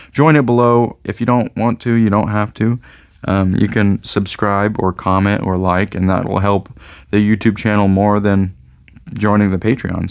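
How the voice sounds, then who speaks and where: A man's voice: lowish voice, clean tone. A man who runs a game store, chatting casually in a rambling monologue that often trails off into uncertain asides.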